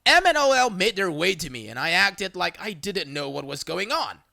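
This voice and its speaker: Bright lively narrator reading reddit stories, dry close mic. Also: mid-range voice, normal speed, gravelly, no echo. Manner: lively, playful storytelling. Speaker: story narrator.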